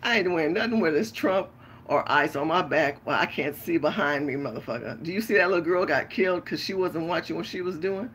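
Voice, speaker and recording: A woman's voice: low voice, animated, brisk, a bit bright, a little hiss or hum. A tired woman hosting a late-night livestream rant, talking bluntly with lots of profanity. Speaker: livestream host and pastor.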